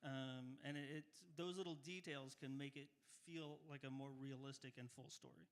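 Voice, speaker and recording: A man giving measured advice on a speech and suggesting concrete details. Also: mid-range voice, fairly even intonation. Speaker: workshop evaluator. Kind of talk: spoken feedback.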